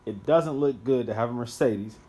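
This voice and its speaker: A man filming a car fix on his phone chatty and excitable. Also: mid-range voice, moderate pace. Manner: chatty, addresses viewers directly, bursts into loud excitement. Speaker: DIY car repair vlogger. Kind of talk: casual how-to vlog. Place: working on a car, by its headlight. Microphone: handheld phone.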